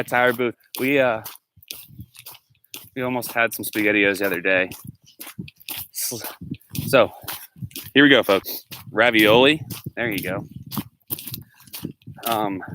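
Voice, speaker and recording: Male vlogger, bright and forward, rambling chatter on a phone in the woods with faint noise behind. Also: medium pitch. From Pennsylvania. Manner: rambling, chatty, reads out viewer comments. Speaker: teacher and vlogger. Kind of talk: live-stream walking vlog. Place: outdoors, walking in the woods.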